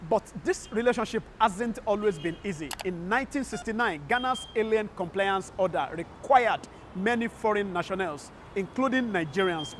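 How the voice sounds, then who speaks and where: A woman giving scripted documentary narration in a measured, storytelling way. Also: medium pitch, a little hiss or hum. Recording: faint music behind. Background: faint music.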